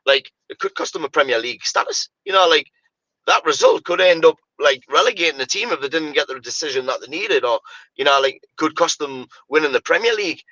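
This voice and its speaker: A man's voice: fairly high pitch, animated, brisk, pushed and bright, dry recording, highs cut off. A man, ranting animatedly about football on a casual podcast, full of "mate" and "you know, like". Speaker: podcast co-host.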